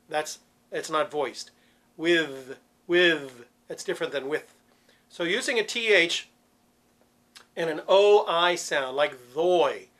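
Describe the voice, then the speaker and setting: A man teaching church cantors vocal warm-ups, explaining patiently and demonstrating sounds. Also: on the high side. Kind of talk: instructional talk with sung demonstrations.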